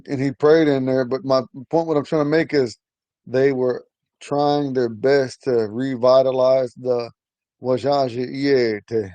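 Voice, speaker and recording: A man's voice: mid-range voice, dark tone, dry recording, rough recording. A middle-aged man teaching an informal language class, telling rambling stories and chuckling often. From Ponca community, Nebraska.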